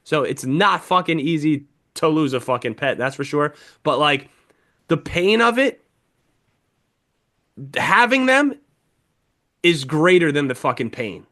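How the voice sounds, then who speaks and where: A man's voice: fairly high pitch, animated, measured pace, long pauses, fairly bright tone. A young man, a podcast co-host, telling an emotional story in casual chat, swearing heavily as he talks.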